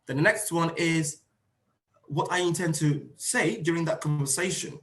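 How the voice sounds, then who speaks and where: A man's voice: on the high side, normal speed, a bit bright, faint music behind. A man giving an emphatic online seminar lecture to teachers, repeating key phrases and acting out example lines. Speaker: teacher trainer. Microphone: video call.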